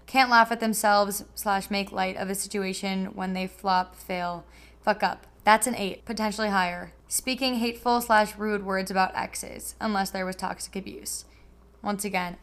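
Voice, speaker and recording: A young woman hosting a casual solo podcast, handing out quick, wry, deadpan verdicts. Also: medium pitch. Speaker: podcast host. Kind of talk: casual solo podcast, rating listener submissions.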